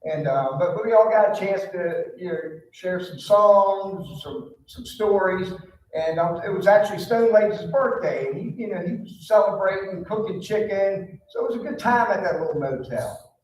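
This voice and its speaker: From the pulpit of a church sanctuary, a male pastor delivers a folksy storytelling sermon stuffed with fillers. His voice is high, animated, and a little mellow at a moderate pace, and the far-off mic picks up an echoey hall with slight hiss.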